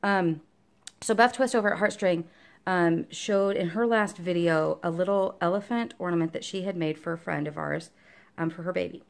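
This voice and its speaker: A woman's voice: fairly low pitch, moderate pace, vocal fry. A woman chatting casually in a show-and-tell vlog about her stitching, rambling along with lots of fillers. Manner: talks to her dog between topics. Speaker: cross-stitch vlogger.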